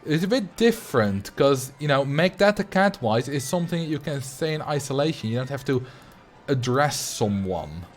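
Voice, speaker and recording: A man with a Dutch accent chatting casually while he livestreams a game, rambling and thinking out loud at a desk mic. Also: mid-range voice, big pitch swings, normal speed, soft background music. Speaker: streamer.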